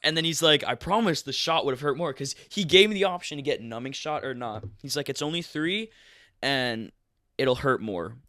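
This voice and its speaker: Animated young man telling a story. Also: mid-range voice, moderate pace, dry recording. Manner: animated, swearing, acts out quotes. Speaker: podcast guest. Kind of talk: casual storytelling.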